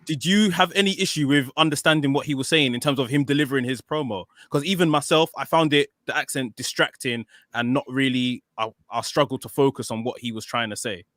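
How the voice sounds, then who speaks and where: A man joining a casual wrestling chat over a call, polite and measured, a little hesitant. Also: mid-range voice, a bit bright, no room sound, clean studio sound.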